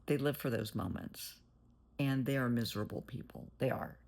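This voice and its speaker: A woman's voice: very deep voice, moderate pace, gravelly, a little mellow. A woman therapist giving blunt, plain-spoken advice in a monologue, calling the listener "honey". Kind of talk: motivational monologue.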